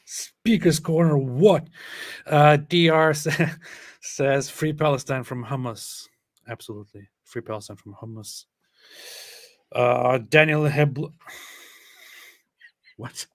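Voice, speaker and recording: Deadpan man reading chat comments. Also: mid-range voice, slow, long pauses, no room sound. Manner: reads chat comments aloud with deadpan sarcasm. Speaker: livestream co-host reading viewer comments. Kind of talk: casual live chat.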